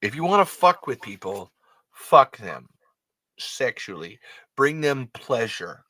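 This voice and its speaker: A man hosting a podcast in casual chat, animated and profane, laughing often and restarting his sentences. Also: medium pitch, takes it slowly, no echo. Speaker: podcast host.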